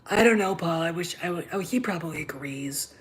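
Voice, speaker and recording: A middle-aged woman hosting her own channel delivers a heated, emphatic opinion rant, dropping to whispers for emphasis. Her voice is on the low side, expressive and brisk.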